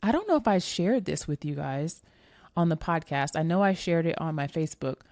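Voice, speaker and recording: A woman's voice: low-pitched, animated, normal speed, a little mellow, dry recording, clean studio sound. A woman in her forties, a fitness coach hosting her own podcast, talking casually and candidly to her listeners as she tells a personal story. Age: 40s. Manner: chatty, candid storyteller addressing listeners directly. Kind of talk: casual solo podcast talk.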